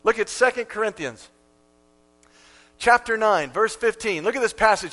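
A man preaching a sermon as pastor, emphatic and repeating key lines for effect, with sudden swings from quiet to loud. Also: sits high, lively intonation, normal speed, pauses often, faint music behind.

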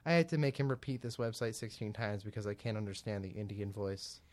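A man's voice: on the low side, steady tone, brisk. A young man co-hosting a casual talk show, telling a story and acting out both sides of a phone call. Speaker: podcast co-host.

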